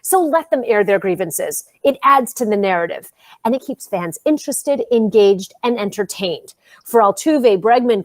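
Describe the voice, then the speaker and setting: A woman's voice: mid-range voice, no echo. A woman from Queens with a New York accent, co-hosting a casual panel show and telling stories with emphatic energy. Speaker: co-host and reporter. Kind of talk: casual panel chat and opinion segment.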